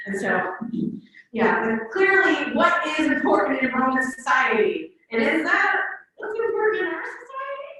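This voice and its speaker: A woman Latin teacher giving a conference presentation in an animated way, often acting out quoted voices. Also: sits high, normal speed. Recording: echoey room, far from the mic.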